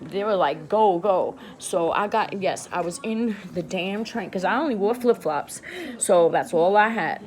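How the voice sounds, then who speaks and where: A woman tells a story to her viewers in a casual vlog. She is emphatic and repeats key lines for weight. Her voice sits at an ordinary, middle pitch. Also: moderate pace. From the Bronx, New York. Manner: emphatic and repetitive, talks straight to her viewers. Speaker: vlogger.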